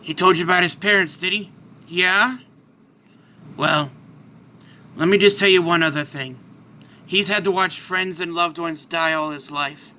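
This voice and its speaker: A man's voice: high-pitched, fairly even intonation, measured pace, long pauses, sharp tone, slight background noise, exaggerated voice. A man voicing a strong, friendly male superhero who talks in an earnest, bold way.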